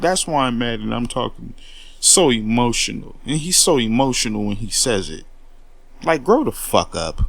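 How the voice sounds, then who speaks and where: A man's voice: medium pitch, gravelly, dry recording. A man in a heated, profane monologue, taking on critics with repeated words and a confrontational edge. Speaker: commentary host.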